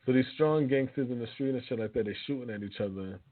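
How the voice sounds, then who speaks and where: A man's voice: medium pitch, fast, no room sound. A man hosting a radio talk show, speaking loosely and profanely with lots of fillers and restarts. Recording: tinny phone-like line.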